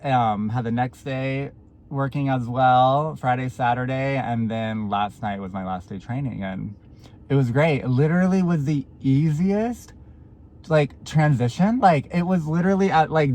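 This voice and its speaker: Man, 20s, casual vlog, chatty, gushing, swearing, phone held close. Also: medium pitch. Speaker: vlogger.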